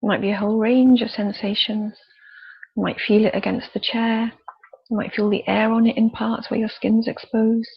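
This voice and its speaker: A woman leading a guided body scan meditation with slow, soft, calm instructions and pauses. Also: fairly high pitch, gravelly, breathy edge, muffled recording. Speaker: youth worker leading a relaxation exercise.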